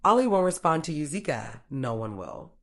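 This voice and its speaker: A woman voicing a mysterious disembodied spirit that speaks calmly and slowly, quietly taunting. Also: sits low, exaggerated voice. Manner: calm, slow, quietly taunting.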